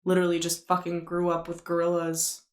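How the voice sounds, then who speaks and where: A woman's voice: lowish voice, completely flat delivery, a little fast. A woman from Washington State co-hosting a comedy podcast, talking casually and hedging, with many "like"s. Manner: casual, hedging, heavy use of "like". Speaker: podcast co-host. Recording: echoey room.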